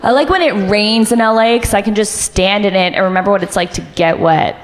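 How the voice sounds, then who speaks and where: A young woman performing a stand-up comedy set, delivering deadpan one-liners and jumping high in pitch when she acts out other people. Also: brisk, long reverb tail, background noise. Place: comedy club stage.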